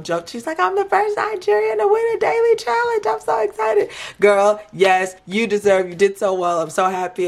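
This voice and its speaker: A young woman chatting casually through a recap, animated and full of laughs and quoted voices. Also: on the low side. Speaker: recap vlogger. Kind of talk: casual reality-show recap.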